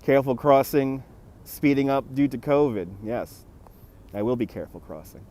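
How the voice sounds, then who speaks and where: A man's voice: medium pitch, expressive, normal speed, mellow. A man in his forties from New York hosts a live walking-tour stream, chatting casually and greeting viewers by name, recorded outdoors on a phone with traffic behind him. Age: 40s. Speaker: livestream walking-tour host. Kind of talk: casual livestream chat reading viewer comments. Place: outdoors by a city harbor. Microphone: phone on handheld gimbal.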